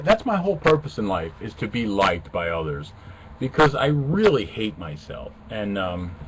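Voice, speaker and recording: A man's voice: on the low side, background noise. A man hosting a live webcast, chatting casually and reading viewers' comments with a flippant, self-mocking humor. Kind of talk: casual rambling chat with viewers.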